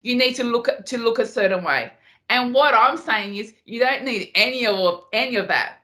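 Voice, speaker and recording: Fired-up woman on a podcast, kinda high bright voice, keeps repeating herself to hammer a point. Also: moderate pace. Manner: passionate, repeats herself when emphasizing. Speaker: podcast guest, Muay Thai fighter. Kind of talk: casual interview.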